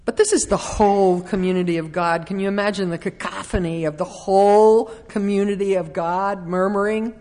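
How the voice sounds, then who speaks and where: A woman's voice: mid-range voice, fairly even intonation, moderate pace, hardly any pauses, mellow. A middle-aged woman preaching a conversational sermon, slipping into acted-out quotes of complaining voices.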